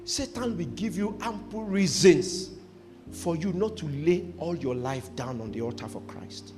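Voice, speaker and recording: A man's voice: a little high, lively intonation, a little slow, darkish tone, faint music behind. A man preaching a sermon as pastor, repeating phrases and asking the congregation to finish his sentences.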